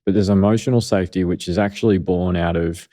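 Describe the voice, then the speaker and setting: A man's voice: low-pitched, steady tone, fast talker, warm tone. A middle-aged man with an Australian accent, a pediatrician guest on a podcast, explaining in an earnest, conversational way. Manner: earnest, explanatory, filler-heavy.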